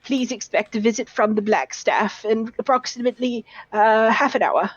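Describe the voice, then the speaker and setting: A woman's voice: a little high, normal speed, husky, no room sound, pitched above the performer's own voice. A woman voicing a shy, bookish young man who stammers and speaks overly politely. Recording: dull dry lo-fi audio.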